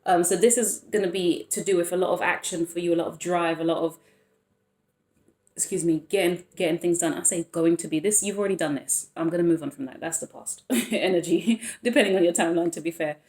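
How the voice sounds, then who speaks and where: A woman's voice: on the low side, fairly quick, darkish tone. A woman giving a casual tarot reading, rambling and breaking off mid-thought with frequent small laughs. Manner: rambling, self-interrupting, laughs often. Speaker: tarot reader. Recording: roomy echo.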